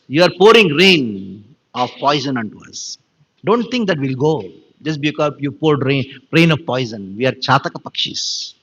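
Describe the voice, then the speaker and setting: A man's voice: medium pitch, lively intonation, moderate pace, a bit bright, rough recording. A man giving a devotional scripture class, telling the story with emphasis and animation.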